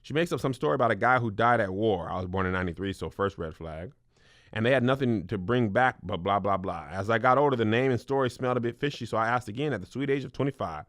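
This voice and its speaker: A man hosting a comedic advice show, reading viewer letters aloud and then riffing on them with loud mock outrage. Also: fairly low pitch, quick pace, no echo, clean studio sound. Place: small studio.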